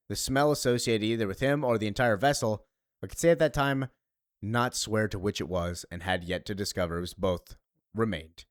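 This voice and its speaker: A man reading as a formal, sharp-tongued young girl. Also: mid-range voice, no echo, clean studio sound, natural voice.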